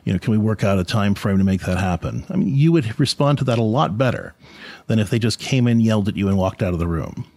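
With a fairly low pitch and darkish tone, recorded without echo, a man hosting a podcast reflects earnestly on faith and raising children. A parenting speaker, he talks conversationally and frequently restarts.

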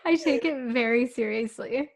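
A woman's voice: a little high, moderate pace, vocal fry. A woman in her twenties co-hosting a podcast, chatting casually, giggly and earnest. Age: 20s. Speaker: podcast co-host. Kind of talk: casual chat.

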